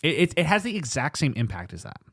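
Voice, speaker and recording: A man's voice: fairly high pitch, fast talker, slightly rough, dry recording, clean studio sound. A man co-hosting a podcast, animatedly discussing a movie in casual chat. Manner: animated, bursts into shouted movie-quote impressions. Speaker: podcast co-host. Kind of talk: casual film recap chat.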